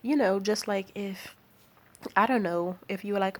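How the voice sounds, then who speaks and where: A woman's voice: medium pitch, moderate pace. Tired bay area woman ranting late at night, swears a lot, rambles. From San Francisco Bay Area. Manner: heated, profane, rambling. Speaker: vlogger.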